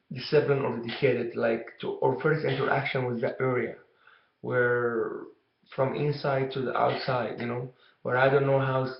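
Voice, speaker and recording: A young man tells a childhood story casually to camera, rambling and halting with lots of "you know". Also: medium pitch, gravelly. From Egypt. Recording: dull, echoey room recording.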